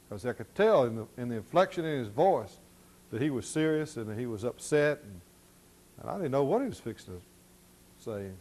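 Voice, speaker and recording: A middle-aged man telling folksy stories during an architecture slide lecture, halting with many fillers. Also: mid-range voice, a little mellow. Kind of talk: storytelling lecture.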